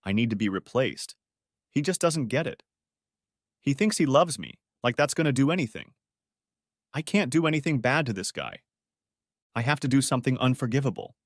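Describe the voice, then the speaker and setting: A man narrating a dramatic first-person story in an expressive storytelling manner. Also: mid-range voice, moderate pace, pauses often, no echo, clean studio sound. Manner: expressive, switching between characters' first-person accounts.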